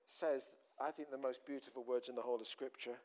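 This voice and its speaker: A man's voice: medium pitch, fairly even intonation, a little fast, darkish tone. A man preaching a sermon, earnest and repeating phrases for emphasis.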